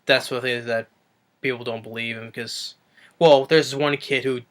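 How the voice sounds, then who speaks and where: A man talks through a movie review in an easygoing, unscripted way, circling back and restarting his sentences often. His voice is bright and smooth, with a crisp, clear tone. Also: mid-range voice, steady tone, moderate pace. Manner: rambling, with many restarts and self-corrections. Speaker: film reviewer. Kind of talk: casual spoken movie review.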